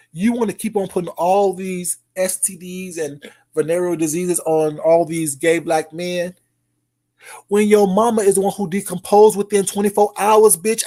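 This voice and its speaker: Youtuber going off in a callout rant, cussing, taunting, yelling then muttering. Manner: loud, profane, taunting, swings between shouting and low mutters; keeps repeating the target's name mockingly. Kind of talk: ranting call-out vlog.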